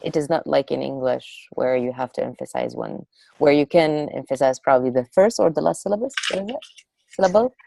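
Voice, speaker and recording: A woman co-teaching an online beginner class, explaining in English with pauses as she searches for words. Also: low-pitched, creaky, warm tone, a little hiss or hum. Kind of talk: online language lesson.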